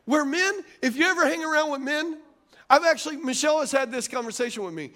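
High-voiced preaching pastor, animated. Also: male voice, quick pace. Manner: animated, conversational preaching with asides to the congregation. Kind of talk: sermon.

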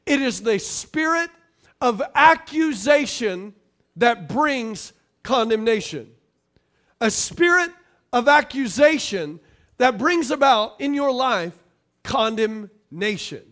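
A middle-aged man preaching a sermon as pastor, calling out to the congregation and swinging between loud and quiet. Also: extremely high pitch, expressive, slow.

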